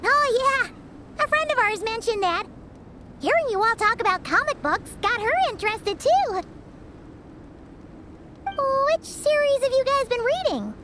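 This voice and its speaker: A cheerful high-voiced traveler. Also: female voice, lively intonation, a little slow, long pauses, pushed and bright, slight background noise, heavily acted. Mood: friendly. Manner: friendly, chatty.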